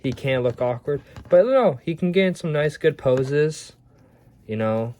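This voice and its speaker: A man's voice: on the high side, animated, measured pace, darkish tone. A man casually reviewing action figures, rambling and stumbling over his words as he shows them off at home. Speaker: toy reviewer.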